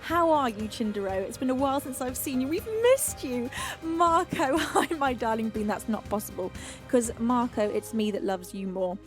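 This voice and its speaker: A young British woman hosts a live music stream and fondly greets her chat one name at a time. Her voice sits high and she keeps an effusive, doting tone, with faint music behind her. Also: moderate pace. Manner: effusive and affectionate, reading out chat names. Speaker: streamer and singer.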